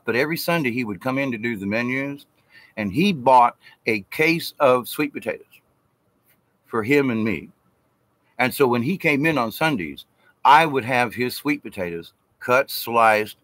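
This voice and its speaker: A man tells a story in a loose, rambling way, hitting his points hard. His voice has a bright, forward edge. The sound is dry and close to the mic. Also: mid-range voice, no room sound. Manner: rambling and emphatic. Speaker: vlogger. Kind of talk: casual storytelling.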